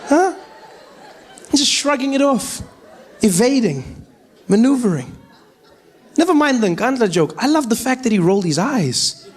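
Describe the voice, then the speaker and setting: A young man with a South African accent doing stand-up comedy, animated and incredulous. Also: extremely high pitch, a little slow, long pauses, some chatter behind.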